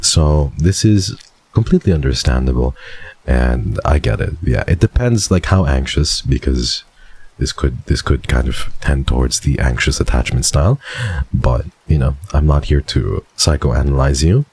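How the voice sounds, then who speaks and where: A man's voice: a bass voice, lively intonation, moderate pace, darkish tone, slightly rough. A man streaming casually, reading viewer messages aloud in a playful, teasing way and laughing often.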